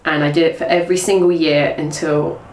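A young former athlete from England tells her story in a casual storytelling interview, chatty and rambling, with many restarts and reported speech. Her slightly low, a little mellow voice keeps a level tone at a brisk pace. The mic is set well back in an echoey room, with faint noise behind.

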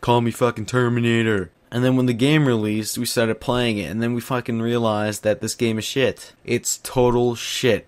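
A young man delivering a profanity-filled, exaggerated comedic rant as a YouTuber. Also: mid-range voice.

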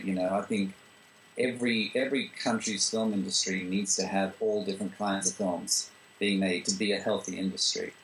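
Gravelly-voiced man with many "you know"s. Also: on the low side, slight background noise, rough recording. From Australia. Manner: relaxed, full of "you know" fillers and restarts. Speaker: screenwriter and director. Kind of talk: interview answers.

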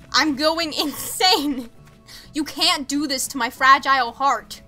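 High, bright-voiced gushing young woman streamer. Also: slow pace, faint music behind. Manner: gushing and stammering, excitable. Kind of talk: casual live-stream chat.

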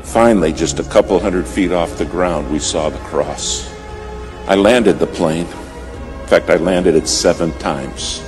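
Deep-voiced preacher telling a dramatic story. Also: male voice, measured pace, music in the background. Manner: dramatic, swings from urgent and loud to hushed. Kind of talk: storytelling sermon. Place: church service.

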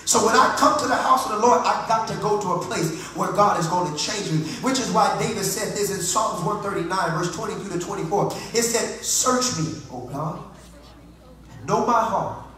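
A man preaching a fervent Pentecostal sermon that swings from low talk to loud cries, calling on the congregation to answer him. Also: brisk, hardly any pauses, recorded from a distance. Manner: calls on the congregation to respond. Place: church sanctuary. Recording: echoey church hall with faint music.

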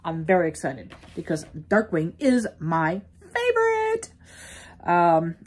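A woman's voice: fairly low pitch, wildly swooping pitch, takes it slowly. A middle-aged woman from New York gives a casual crochet tutorial in a rambling, chatty way, with many fillers and restarts. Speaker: crochet teacher.

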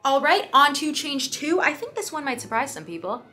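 A young woman hosting a scripted video essay, animated and playful, with quick asides to the viewer. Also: high-pitched, faint music behind.

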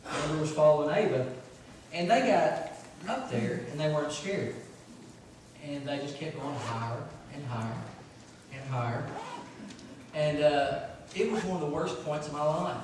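A man's voice: fairly high pitch, normal speed, pauses often, background noise. A man, preaching a conversational sermon full of fillers and personal stories. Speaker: pastor. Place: church sanctuary. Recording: very echoey church from far off.

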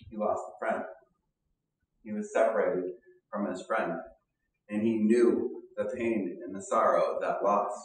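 A man giving an earnest, conversational sermon with pauses and fillers, as a pastor. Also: lowish voice. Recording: echoey room, mic at a distance.

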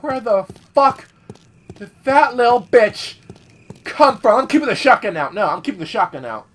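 A man giving profane, jumpy let's-play commentary, yelling at the game as he plays. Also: very high-pitched, lively intonation, moderate pace. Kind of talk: gameplay commentary.

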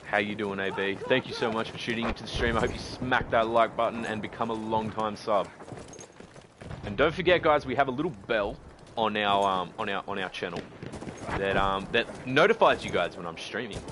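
An Australian man chatting excitably while streaming a shooter game, swinging from loud outbursts to low muttering. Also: a little fast. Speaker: gaming streamer. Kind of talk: live gameplay commentary. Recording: gunfire and battle noise behind.

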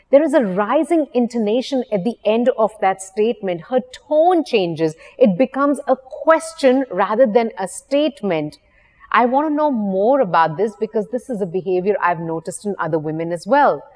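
A woman business storytelling coach giving a short weekly video talk in a measured, explanatory way. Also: medium pitch, animated, a little mellow. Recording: long hall reverb.

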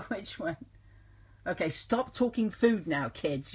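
A woman's voice: on the low side, lively intonation, slow pace, a little mellow, slightly rough. A woman chatting casually with viewers on a livestream, rambling, self-mocking and reading out their comments. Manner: reads out chat comments.

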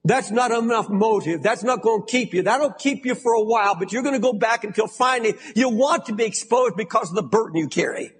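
An older American man preaching a sermon as pastor, emphatic and shouting for stress. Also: high-pitched, brisk, few pauses, breathy edge. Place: large church sanctuary. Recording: long hall reverb.

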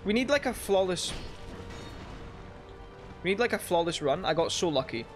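A man giving let's play commentary, swearing and shouting frustrated outbursts at the game. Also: high voice, big pitch swings, moderate pace, soft background music. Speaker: gaming YouTuber.

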